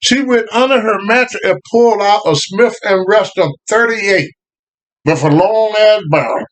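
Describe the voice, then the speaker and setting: An older man, telling family stories in a casual, animated way, often laughing. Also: high voice, unhurried, slight background noise. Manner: animated, laughing, Southern US phrasing. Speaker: guest storyteller. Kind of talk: casual storytelling.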